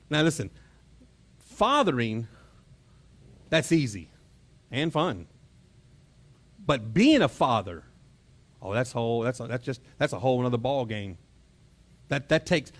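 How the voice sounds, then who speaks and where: A middle-aged man with a Texan accent, preaching a conversational sermon, often repeating words and chuckling as he acts out family moments. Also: fairly high pitch. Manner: chuckles and mimics family exchanges. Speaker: pastor. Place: church auditorium.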